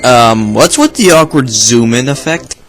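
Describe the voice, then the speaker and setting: A man's voice: medium pitch, animated, a little slow, loud music behind the voice. A man giving sarcastic, profane reaction commentary on a video, ranting at what he sees. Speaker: video reviewer.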